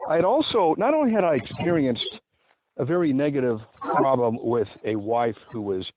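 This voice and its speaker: Blunt rambling man on a tinny line. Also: medium pitch. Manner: rambling and blunt, full of "you know" asides. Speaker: author telling his own dating story. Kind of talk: unscripted personal monologue. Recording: tinny phone-line recording with clear background noise.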